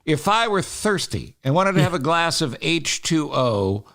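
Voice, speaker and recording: A man's voice: a little high, big pitch swings, measured pace, fairly bright tone. An American man hosting a comic casual chat and teasing his guest with jokes and quizzes. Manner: teasing, joking interviewer. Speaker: podcast host.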